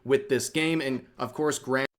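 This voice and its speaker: A man narrating a scripted commentary video in a measured, steady reading. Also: mid-range voice.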